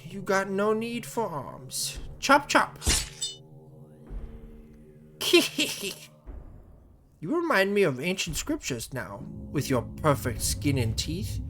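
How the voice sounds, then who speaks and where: Man voicing a sadistic torturer, horror game, slow purring drawl, lively swooping pitch. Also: faint music behind, exaggerated voice. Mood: gloating sadistic. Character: sadistic male torturer, cruel and gloating.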